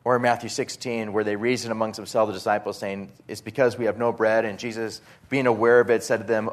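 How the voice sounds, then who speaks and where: A man preaching a sermon in an earnest, halting way, with frequent restarts, reading scripture aloud. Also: lowish voice, flat delivery. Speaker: pastor.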